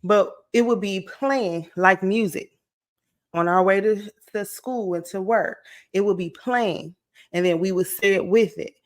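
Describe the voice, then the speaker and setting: Here a motivational vlogger in her late 30s, nearing forty, talks casually to camera with a medium-pitched voice at a measured pace. She sounds energetic and encouraging, keeping it conversational with plenty of "okay?" and "right?"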